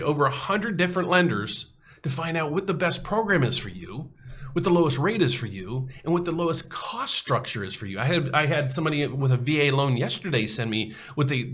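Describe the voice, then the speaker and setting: Guy in the mortgage biz talking through charts, folksy, jumpy pitch, keeps restarting. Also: a bit bright. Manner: pitch jumps up and down often, repeats words and restarts. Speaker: mortgage broker and show host. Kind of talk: casual explainer walking through rate charts.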